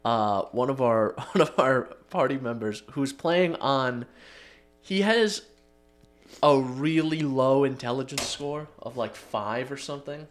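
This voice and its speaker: A man's voice: mid-range voice, measured pace, soft background music. A man co-hosting a podcast, telling stories in loose casual chat, laughing and acting out quotes. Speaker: podcast co-host.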